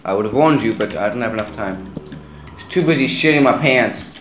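A man's voice: medium pitch, animated, fairly quick, fairly bright tone, roomy sound, slight background noise. Young man chatting over his game. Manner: chatty, talks to viewers as guys. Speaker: gaming channel host. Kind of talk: casual game commentary.

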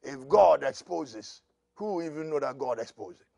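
A man preaching a prophetic sermon as pastor, dropping to a murmur and then rising to loud shouts, with laughs between lines. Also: on the high side, animated, unhurried, gravelly, no echo.

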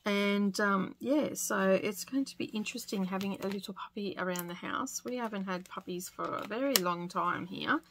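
A woman's voice: medium pitch, normal speed, few pauses, fairly bright tone, a little hiss or hum. An Australian woman in her forties chatting casually in her home sewing studio, rambling with lots of fillers. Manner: chatty and rambling, many fillers, with little laughs. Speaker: sewing vlogger. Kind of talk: casual chat.

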